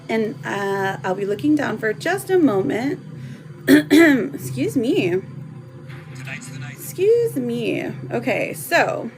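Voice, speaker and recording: A woman in her thirties reading tarot cards on a live stream, chatty and affectionate with her viewers. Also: on the high side. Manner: chatty, affectionate, laughs often. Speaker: tarot card reader. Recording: noisy home live stream.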